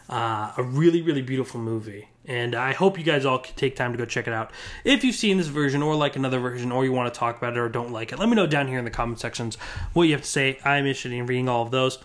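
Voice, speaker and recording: A young man talks through a film review in an earnest, rambling way, often restarting his sentences. His voice sits a little on the high side, and he speaks casually, close to the camera mic. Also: fairly bright tone. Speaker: movie reviewer.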